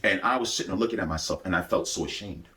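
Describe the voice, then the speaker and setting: A man's voice: deep voice, rapid-fire, pushed and bright. A man telling a personal spiritual testimony, speaking intensely with repeated phrases and restarts. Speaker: speaker giving a religious testimony.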